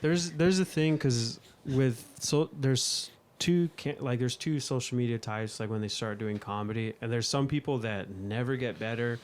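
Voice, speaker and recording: A man co-hosting a podcast, chiming in with quick remarks and laughing asides in casual chat. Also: mid-range voice. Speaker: podcast co-host.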